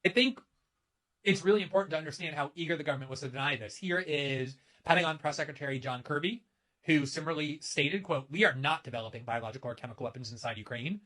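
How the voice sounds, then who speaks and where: A man's voice: a little high, fast talker, pushed and bright. A man delivering an emphatic, sharply critical political commentary to camera. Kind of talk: scripted commentary video.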